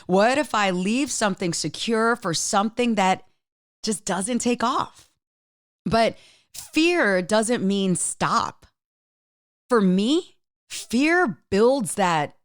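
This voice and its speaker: A woman with a medium-pitched voice hosts her own podcast in a dry, studio-quality recording. Speaking solo and straight to the listener, she talks earnestly and emphatically in a motivational way, getting choked up with emotion.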